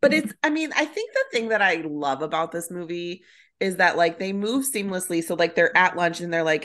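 Low voiced woman cohost rambling excitedly about a movie, lots of likes. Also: moderate pace. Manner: enthusiastic, lots of fillers. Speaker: podcast co-host. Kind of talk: casual chat.

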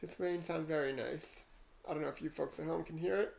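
A podcast co-host chatting casually while watching a movie, playful and joking, often speaking softly. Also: medium pitch, fairly even intonation, brisk, vocal fry.

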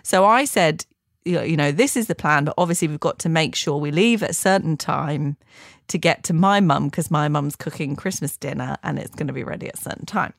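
Woman host, lower register, gravelly edge, chatty storyteller. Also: brisk, no room sound, studio quality. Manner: chatty, laughs while telling stories. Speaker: podcast host. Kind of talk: casual chat, storytelling.

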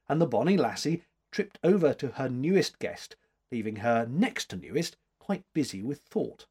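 A man narrating an audiobook in a measured, expressive storytelling manner. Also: mid-range voice, husky.

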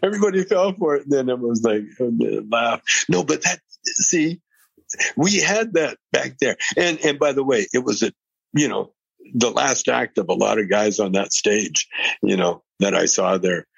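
Guest, 80s man from Canada: rambling and laughing storyteller, husky voice, dry sound. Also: mid-range voice, animated, moderate pace, no room sound, dull audio. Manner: rambling, laughing, with many restarts. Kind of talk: casual storytelling interview.

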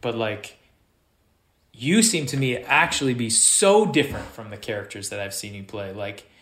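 A man who is a guest actor, talking casually and halting often as he searches for words. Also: lowish voice, expressive, a bit bright. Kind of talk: casual conversation. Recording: roomy echo.

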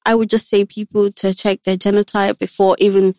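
A woman's voice: medium pitch, flat delivery, brisk, darkish tone, no room sound. A young woman guest on a podcast, talking candidly and earnestly about her daily life and quoting others in short exchanges. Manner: frank, earnest, quotes others in dialogue. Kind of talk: candid personal talk.

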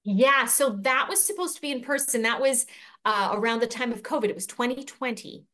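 A woman's voice: fairly high pitch, fairly quick, pushed and bright. A woman from Canada, a guest speaker and author, answering interview questions in fluent, articulate storytelling.

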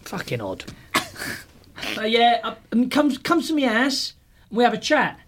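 A man's voice: extremely high pitch, measured pace, a little hiss or hum. A man hosting a podcast, telling a casual anecdote with plenty of swearing. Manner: animated, swearing storyteller. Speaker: podcast host, former footballer. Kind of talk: casual chat.

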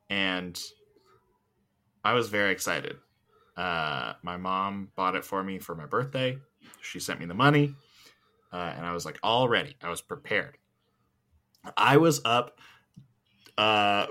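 A young man co-hosting a podcast in casual chat, telling a story in an animated, blunt way and cursing freely. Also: fairly low pitch, takes it slowly, pauses often. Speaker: podcast co-host.

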